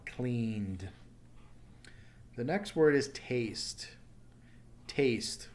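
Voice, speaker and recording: Man, ESL teacher, slow deliberate delivery, patient, repeats each word, mid-pitched voice. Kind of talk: recorded online pronunciation lesson.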